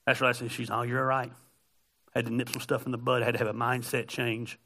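A middle-aged male pastor giving a conversational, joking sermon that builds to loud, emphatic peaks. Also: mid-range voice, level tone, racing.

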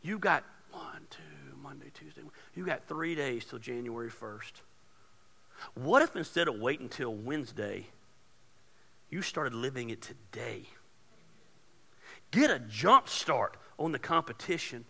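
A pastor preaches a sermon in a casual, joking way that swells into loud, emphatic points. His voice is gravelly and very bright, sitting a little high for a man. It rings out with the long reverb of a large hall. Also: lively intonation, unhurried.

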